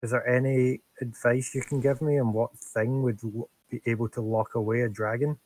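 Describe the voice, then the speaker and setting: Guy playing a drained warrior, slow and stubborn, mid pitch. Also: fairly even intonation, a little mellow, lightly acted. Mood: weary, determined. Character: weakened, withered male warrior, proud.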